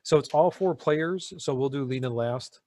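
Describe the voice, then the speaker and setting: A man's voice: mid-range voice, moderate pace, mellow, no echo, clean studio sound. Guy dm-ing a tabletop game online, explains rules, lots of um and uh. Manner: rules explanations with fillers and restarts. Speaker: dungeon master.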